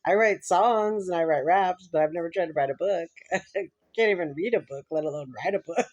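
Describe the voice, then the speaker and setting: A woman's voice: lowish voice, animated, quick pace, a little mellow. A woman vlogger talking in a rambling, casual chat to camera, laughing often between thoughts.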